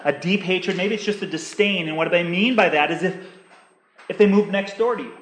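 Male preacher, earnest and repetitive, high-pitched, roomy church sound. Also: a bit bright. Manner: earnest, repetitive appeals with many restarts. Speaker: pastor. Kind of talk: sermon.

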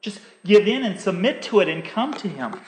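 Male preacher, earnest and repetitive, high-pitched, roomy church sound. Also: very animated, normal speed, a little mellow, slight background noise. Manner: earnest, repetitive appeals with many restarts. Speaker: pastor. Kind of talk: sermon.

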